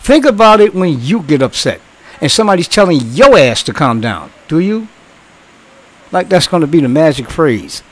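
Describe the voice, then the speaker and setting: A man's voice: on the high side, very animated, moderate pace, low-quality recording. A man in his sixties who once worked in customer service, bluntly lecturing in a casual monologue, swearing and repeating himself. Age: 60s.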